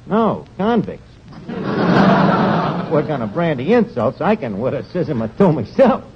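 A boastful, word-mangling New tavern boss in a 1940s radio comedy, his voice high and bouncing all over. The broadcast sound is dull and heavily hissy. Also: very animated, a little slow. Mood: cheeky. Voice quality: malapropisms, wisecracking. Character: brash, pompous male tavern manager who mangles big words. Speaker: tavern manager.

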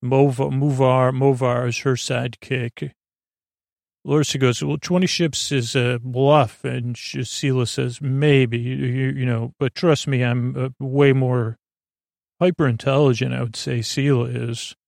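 A man hosting a sleep podcast, loosely retelling a TV episode in a halting, offhand way full of filler words. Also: mid-range voice, flat delivery, vocal fry, a little mellow, no room sound, studio quality. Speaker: podcast host. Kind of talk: rambling episode recap for sleep.

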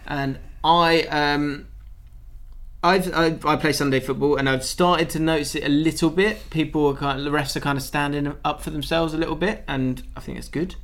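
A man leads a casual football podcast. He sits a touch higher in pitch than most men. He tells anecdotes animatedly and acts out what people said. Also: normal speed. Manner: animated storyteller, acts out quotes. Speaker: podcast host.

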